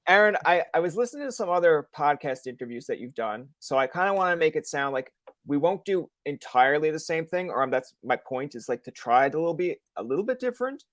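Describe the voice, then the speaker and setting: A man from Newfoundland, Canada, hosting a casual interview over a video call, an animated storyteller who laughs often. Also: fairly high pitch, fast talker, dry recording. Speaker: podcast host.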